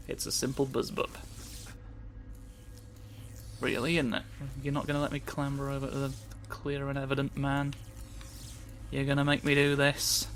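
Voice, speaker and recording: A man's voice: medium pitch, slight background noise. A man giving sardonic gameplay commentary, grumbling and swearing at the game. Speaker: let's play commentator.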